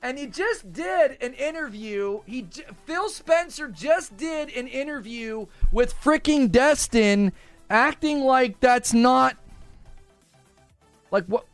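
A man's voice: very high voice, animated, slow, faint music behind. Exasperated man ranting on a stream. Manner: exasperated, grumbling and repeating himself. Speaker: gaming news streamer. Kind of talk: live stream rant.

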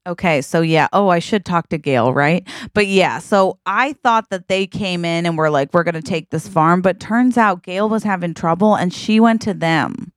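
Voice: mid-range voice, normal speed, few pauses, no echo, clean studio sound. A podcast co-host reacting to a comic story with gasps and cheerful agreement. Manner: reactive, gasping and cheering along. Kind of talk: casual comedy podcast banter.

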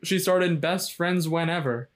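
A man's voice: fairly high pitch, normal speed, very noisy. A man co-hosting a podcast, rambling and hesitant, often laughing mid-sentence as he chats about a show. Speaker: podcast co-host. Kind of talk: casual chat recapping a show.

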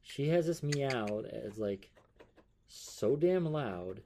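A man's voice: mid-range voice, lively intonation, slow pace, background noise. A man co-hosting a podcast in casual chat, joking and rambling with crude humor. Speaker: podcast co-host.

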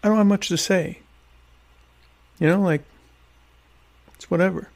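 A man chatting casually to viewers while eating dinner, rambling and joking with deadpan irony about being a quiet type. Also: high voice, measured pace, creaky. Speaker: vlogger answering viewer questions. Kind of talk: casual comedic chat.

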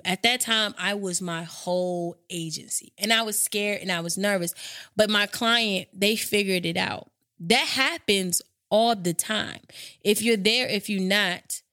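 A woman podcast host telling a story in casual chat, animated and profane, acting out what people said. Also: medium pitch, no echo, clean studio sound. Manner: animated, profane, acts out her own quotes.

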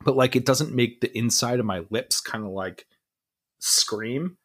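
A man's voice: mid-range voice, a little slow, a bit bright. A young man co-hosting a podcast, chatting casually and enthusiastically with lots of fillers. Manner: enthusiastic, rambling with many fillers. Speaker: podcast co-host. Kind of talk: casual chat.

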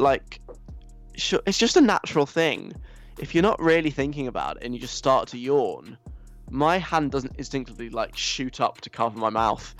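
A young man hosts a casual chat show, reading out messages from listeners and replying with playful, mock-stern teasing. His voice sits at an ordinary pitch for a man, with faint music playing quietly behind him. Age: young adult.

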